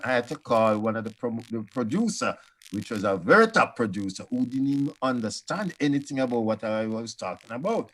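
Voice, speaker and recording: Animated older Jamaican man telling stories. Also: mid-range voice, brisk. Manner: animated, acts out quoted voices. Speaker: panelist. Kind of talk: storytelling panel talk.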